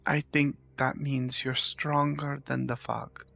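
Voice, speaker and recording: A man voicing a small gentle young girl who softly and hesitantly comforts a friend. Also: medium pitch, flat delivery, slow pace, creaky, voice pushed up, heavily acted. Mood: tender. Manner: soft, hesitant and tender. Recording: slightly dull, lo-fi with faint music.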